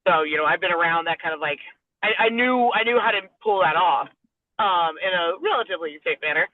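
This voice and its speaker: This lowish, brisk female voice belongs to a pro wrestler guest from Southern California who meanders through a lengthy anecdote, voicing the quoted dialogue herself with frequent laughter. The dry recording has no room sound and a thin, phone-like quality.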